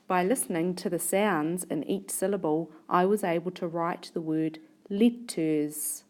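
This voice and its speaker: Female teacher, lowish voice, unhurried, sounds out syllables for young learners. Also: a little mellow, slight background noise. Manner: stretches words out syllable by syllable, sounding out letters. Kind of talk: slow, deliberate classroom spelling lesson.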